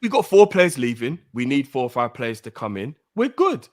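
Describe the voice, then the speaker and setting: A man's voice: mid-range voice, big pitch swings, normal speed. A man, passionately defending his view in a casual fan call-in debate. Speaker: regular on a fan call-in show.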